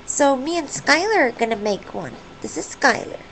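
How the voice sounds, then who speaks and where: A woman vlogging about her pet parrot at home, talking softly and dotingly to the bird. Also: sits high, sing-song, moderate pace. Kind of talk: casual pet vlog. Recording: noisy home video recording.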